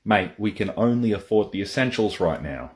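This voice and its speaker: A young Australian man delivering deadpan comedy sketches in a matter-of-fact way. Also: lowish voice, normal speed.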